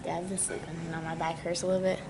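A woman's voice: fairly low pitch, flat delivery, racing, background noise. A teenage girl vlogging her last day of school, talking casually with lots of fillers. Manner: laid-back, filler-heavy talk. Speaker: vlogger, graduating senior. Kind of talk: casual vlog chat. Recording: loud crowd chatter behind. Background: loud student crowd.

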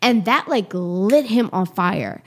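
A woman in her forties, a guest on an interview show, telling a personal story in an animated way and acting out what people said. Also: medium pitch, slow pace. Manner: animated, acts out quoted dialogue.

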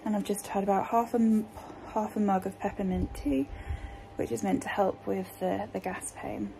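A woman's voice: mid-range voice, steady tone, moderate pace, gravelly, mellow, slight background noise, rough recording. A woman vlogging in casual chat to camera, tired and a little out of breath, rambling with lots of fillers, recorded on a phone in a small room.

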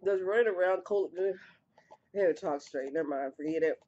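A woman's voice: lowish voice, normal speed, warm tone, dull audio. A young woman vlogging casually, exasperated and sighing, her mouth burning so she can barely talk. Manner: exasperated, sighing between lines while eating hot noodles. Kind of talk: casual vlog chat.

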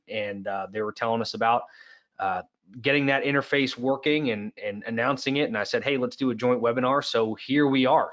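A man's voice: medium pitch, a bit bright, lo-fi sound. A man hosting an online product webinar, talking casually with lots of fillers and restarts. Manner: chatty, many fillers and restarts. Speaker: webinar host. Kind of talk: casual presentation.

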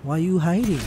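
A man giving excited live commentary while playing a co-op shooter, yelling at enemies and teammates. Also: a little high, noisy background. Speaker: gamer playing co-op multiplayer. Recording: game music playing behind.

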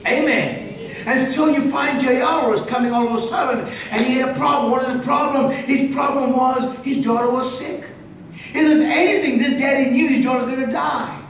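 A man preaching a sermon as pastor, emphatic and shouting at times, then dropping suddenly to quiet. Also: very high voice, fairly even intonation, moderate pace. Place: large church hall. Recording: echoey hall from far off, faint noise.

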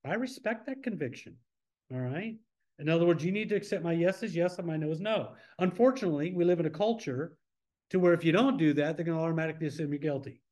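A man with a fairly high voice teaches a midweek Bible study in a church. He talks informally and keeps turning to the class with questions. His tone is plain and conversational rather than preached. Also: fast talker, dark tone.

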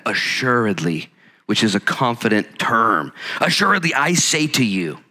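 Bright-voiced pastor preaching a sermon. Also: male voice, medium pitch. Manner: energetic, conversational preaching with acted-out quotes. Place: church sanctuary. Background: congregation present.

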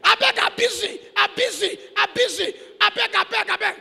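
A man's voice: very high voice, fairly quick, gravelly, sharp tone, in a large hall, soft background music, voice pushed up, heavily acted. A man with a Nigerian accent voicing a busy wife who pleads she is too busy to cook, in a dismissive, repetitive way. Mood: pleading excuses. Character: harried busy wife brushing off cooking.

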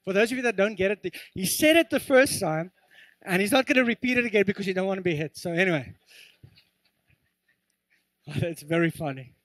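High-voiced man preaching a sermon. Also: a little fast, pauses often, dry recording. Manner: earnest, animated, joking asides. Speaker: pastor. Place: church.

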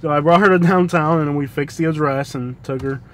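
A man's voice: fairly high pitch, a little fast, poor audio. A man, a rambling storyteller who laughs often, chatting casually while driving at night. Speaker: rideshare driver vlogging. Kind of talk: casual driving vlog chat. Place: inside a car driving at night. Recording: faint street noise behind. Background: faint road and traffic noise.

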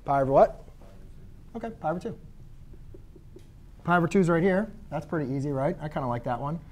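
A man with a slightly high, expressive voice teaches a math class at a fairly quick pace. His lecture is conversational: he asks students questions and corrects his own slips along the way.

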